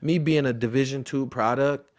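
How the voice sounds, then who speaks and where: A man's voice: mid-range voice, moderate pace. Young man telling a story animatedly. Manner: animated, acts out voices in his story. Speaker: interview guest, football player. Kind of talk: casual storytelling.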